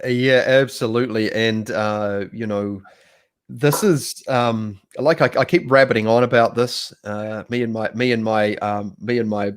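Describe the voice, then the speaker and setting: A man's voice: fairly low pitch, steady tone, a little slow, clear, resonant tone. A man from New Zealand hosting a casual livestream conversation, talking in a rambling, hesitant way with many restarts. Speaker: host.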